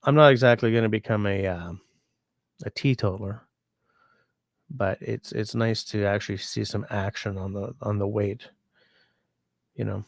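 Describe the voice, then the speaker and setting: A man's voice: fairly low pitch, fairly even intonation, normal speed, creaky, pauses often, dry recording, clean studio sound. A sick man hosting a livestream from home, chatting casually and reading viewer comments aloud in a rambling, easygoing way. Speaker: livestream host.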